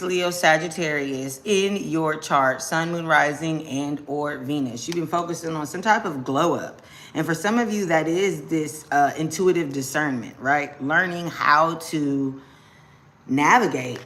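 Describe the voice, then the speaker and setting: A young adult woman giving a casual live-stream tarot reading, slangy and quick to exclaim. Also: sits low, a bit bright. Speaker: tarot reader.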